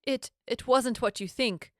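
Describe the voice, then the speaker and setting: A woman's voice: high voice, expressive, takes it slowly, fairly bright tone, dry recording, studio quality, pitched above the performer's own voice, exaggerated voice. A woman voicing a frightened young British baroness who stammers and pleads through tears. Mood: pleading. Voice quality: trembling, stammering.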